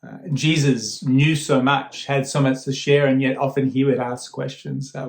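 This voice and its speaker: A man giving a guest sermon in a relaxed, conversational way, often repeating words as he starts a thought. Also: medium pitch, moderate pace, creaky, roomy sound. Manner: conversational, warm storytelling with frequent fillers and repeated starts. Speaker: guest speaker.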